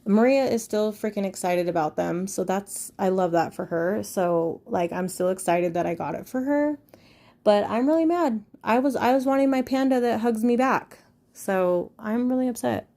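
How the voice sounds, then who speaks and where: A woman's voice: medium pitch, moderate pace, mellow. A woman in her thirties hosting a podcast, talking frankly and rambling in casual chat, with frequent swearing. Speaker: podcast host.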